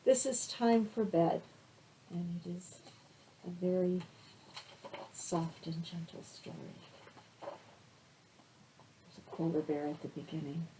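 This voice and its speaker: A woman, a children's librarian reading picture books aloud to babies in a gentle, soothing, sing-song way. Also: lowish voice, fairly even intonation, slow, long pauses, a little hiss or hum, rough recording.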